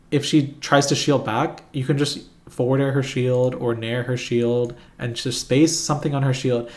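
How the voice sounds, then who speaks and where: Rambling, self-mocking young man. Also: mid-range voice. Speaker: competitive gamer explaining matchups. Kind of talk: casual explanatory commentary while drawing.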